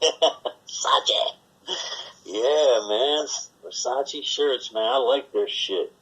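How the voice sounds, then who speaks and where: Husky-voiced man rambling through stories. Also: mid-range voice, very slow, fairly bright tone, low-quality recording. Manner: profane, rambling, acts out voices in his stories. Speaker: podcast co-host. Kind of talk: casual storytelling chat.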